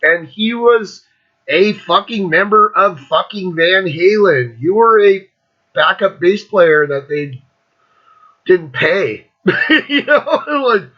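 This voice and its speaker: A man's voice: sits high, animated, slow, bright, forceful tone, dull audio. A man in his fifties hosting his own show, ranting bluntly and mockingly, swearing freely and laughing often. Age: 50s. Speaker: podcast host. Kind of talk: profane rant.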